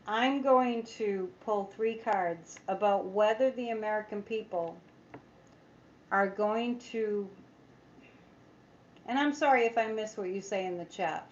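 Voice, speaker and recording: A woman's voice: mid-range voice, a little slow, long pauses, muffled recording, slight background noise. A woman psychic chatting casually on a livestream, rambling, reading viewer comments aloud and making sarcastic asides. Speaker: psychic tarot reader.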